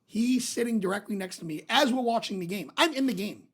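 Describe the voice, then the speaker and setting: A man's voice: sits high, lively intonation, fairly quick, fairly bright tone, husky. A man co-hosting a podcast, telling rowdy stories in casual chat and swearing a lot. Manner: profane, rowdy storyteller. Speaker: podcast co-host.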